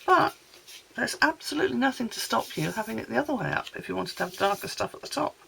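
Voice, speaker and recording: A woman's voice: on the high side, animated, quick pace, creaky, pushed and bright, slight background noise, low-quality recording. A woman from Wales chatting homely and rambling as she makes cards at her desk. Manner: chatty, homely, rambling asides while working. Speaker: card-making crafter. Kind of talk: casual crafting tutorial chat.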